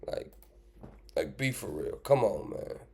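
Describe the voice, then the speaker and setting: Low-voiced man giving blunt commentary. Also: expressive, slow pace, creaky, dark tone, breathy edge. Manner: casual, blunt, swears, fires off rhetorical questions. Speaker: commentator reacting to clips. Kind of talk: casual reaction commentary.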